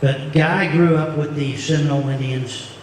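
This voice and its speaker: A middle-aged man telling a halting, heartfelt story on a concert stage, heard through a stage mic from the audience. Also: on the high side, steady tone, over music. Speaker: singer-songwriter performing a concert. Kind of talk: storytelling between songs. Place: opera house stage. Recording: echoey hall recorded from far off.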